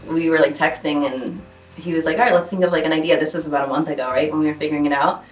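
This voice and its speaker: A woman's voice: low-pitched, fairly even intonation, reverberant, recorded from a distance, slight background noise, low-quality recording. A woman in her thirties with a New Jersey accent, hosting a casual chat in a chatty, upbeat way. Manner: chatty, upbeat, quick to agree. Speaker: beauty YouTuber host.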